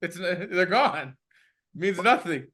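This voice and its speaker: A male co-host in casual gaming chat, halting and repeating himself as he looks up rules. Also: sits high, expressive, bright, forceful tone. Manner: halting, restarts and repeats while looking up rules.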